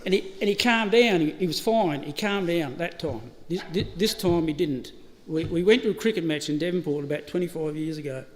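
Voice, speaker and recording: A man's voice: on the high side, a little fast, a little hiss or hum. A middle-aged Australian man giving a chatty eulogy at a funeral service, telling stories with laughs and restarts. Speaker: eulogy speaker. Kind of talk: storytelling eulogy. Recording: hall reverb, live stream.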